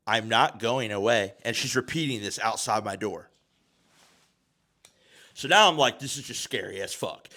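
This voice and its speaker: Podcast host, man in his thirties, low-pitched, rambling profane anecdote with sudden loud bursts. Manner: animated, profane, swings from mumbling to loud. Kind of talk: casual storytelling.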